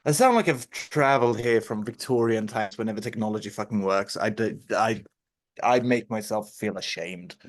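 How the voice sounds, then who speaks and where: A man's voice: fairly low pitch, moderate pace. A man co-hosting a casual podcast from his bed, joking loosely, swearing, and laughing often. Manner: loose, sweary, giggly banter. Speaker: podcast co-host. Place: bedroom, sitting on his bed.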